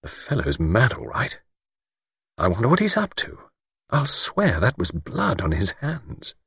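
Male reader as an irritable young Englishman, gruff and blunt, dry and husky. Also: mid-range voice, wildly swooping pitch, a little slow, fairly bright tone, no room sound, voice pushed up, full character voice. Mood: alarmed. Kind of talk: audiobook character voice.

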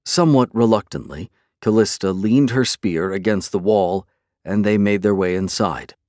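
A man narrating a fantasy novel in a steady, measured storytelling manner. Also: on the low side, dry recording, clean studio sound. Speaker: audiobook narrator.

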